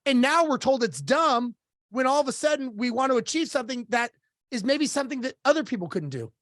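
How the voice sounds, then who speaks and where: Blunt, animated male coach telling a story. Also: very high-pitched, brisk, no room sound, studio quality. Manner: blunt, animated, acts out both sides of dialogue. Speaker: business coach, podcast guest. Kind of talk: storytelling in a casual interview.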